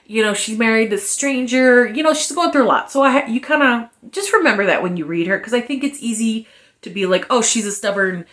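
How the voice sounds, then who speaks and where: A woman chatting casually through a book review, animated, slangy and frank, acting out the characters' lines as she retells the plot. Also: fairly high pitch, fairly quick.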